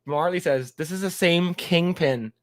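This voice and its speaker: High-pitched guy recapping a show, cussing and doing the voices, dead dry sound. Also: unhurried, dry recording. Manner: animated, profane, acts out scenes in voices. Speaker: podcast co-host. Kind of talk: casual chat.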